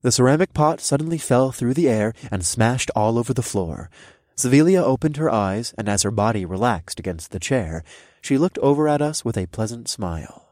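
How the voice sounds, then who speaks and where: A man reading a first-person fantasy story aloud, with expressive narration. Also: medium pitch, moderate pace, no echo, studio quality. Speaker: audiobook narrator.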